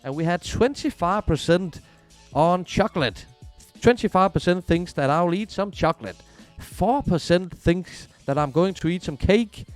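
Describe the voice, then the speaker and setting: Chatty man streaming a football game. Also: a little high. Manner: chatty, reads viewer messages aloud. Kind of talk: casual game livestream chat.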